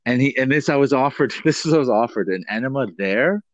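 A man's voice: medium pitch, animated, fast, no room sound, muffled recording. A man in casual chat, telling a rambling story with swearing and teasing his co-host.

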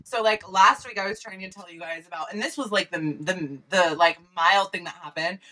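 A woman co-hosting a podcast in casual chat, telling an animated story full of "like" and swearing. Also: medium pitch, brisk, poor audio. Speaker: podcast co-host.

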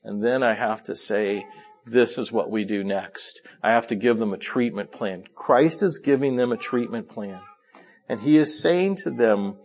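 Preacher man swinging quiet to fervent. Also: animated. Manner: swings from low quiet asides to raised pleading emphasis; restarts and apologizes for rushing. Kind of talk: sermon.

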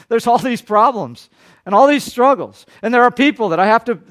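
A man preaching a sermon, swinging between loud, urgent lines and hushed, quiet ones, and briefly acting out the people he quotes. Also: very high-pitched, expressive, a little slow. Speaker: pastor.

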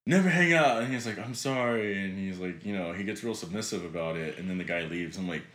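A man's voice: deep voice, fast talker. A young man co-hosting a casual podcast, telling a story and acting out what others said in mocking voices. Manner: animated storyteller, acts out quotes in mocking voices. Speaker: podcast co-host. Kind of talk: casual chat. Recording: echoey room.

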